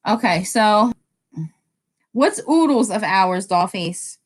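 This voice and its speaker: Woman host of a casual live stream: chatty, excitable, speaks right to her viewers, mid-range voice. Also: takes it slowly, pauses often. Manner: chatty, talks straight to viewers in the chat; excitable, often jumps up in pitch.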